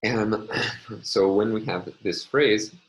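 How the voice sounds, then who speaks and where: A man with a very low voice talks through a recorded linguistics lesson at his computer. He moves methodically from point to point, filling pauses with ums and uhs while he annotates on screen. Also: fairly even intonation, rough recording. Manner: methodical, explains step by step with frequent ums and uhs. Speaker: linguistics lecturer.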